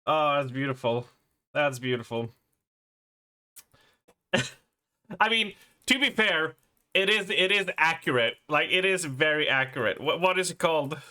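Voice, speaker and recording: A man's voice: fairly high pitch, moderate pace, bright, forceful tone. A young adult Swedish man with a Swedish accent, casually chatting and laughing as he reacts on a live game stream, often stumbling over words. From Sweden.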